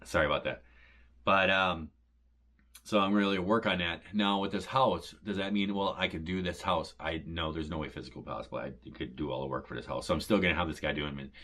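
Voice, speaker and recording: A man with a very low, deep voice talks casually to his viewers about recovering from back surgery. He rambles along, padding sentences with "and stuff" and retelling what people said to him. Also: brisk, fairly bright tone. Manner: rambling, repeats "and stuff" and "he says", retells conversations. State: recovering from back surgery, occasional pain when coughing. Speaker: homestead vlogger.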